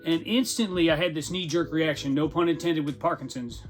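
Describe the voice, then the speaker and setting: A man talks frankly and casually into the mic, his voice sitting a little above the usual male range. He keeps it conversational and pokes fun at himself with dry humor. Soft music plays quietly behind him. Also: a little high, brisk. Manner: frank, self-deprecating, conversational with wry humor. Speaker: podcast host. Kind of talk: candid personal monologue.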